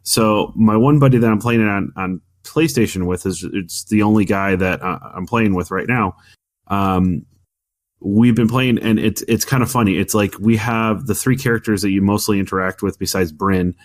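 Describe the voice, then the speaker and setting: A man with a fairly low voice talks games on a podcast. He rambles, doubles back on his words and argues his views with conviction. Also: moderate pace. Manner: rambling, many restarts and fillers; opinionated, argumentative. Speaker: podcast co-host. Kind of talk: casual gaming chat.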